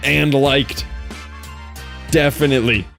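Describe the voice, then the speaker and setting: A man's voice: mid-range voice, fairly even intonation, takes it slowly, vocal fry, a bit bright, soft background music. A man streaming a block-building game, chatting casually and joking back at the videos he plays. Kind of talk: casual gameplay commentary.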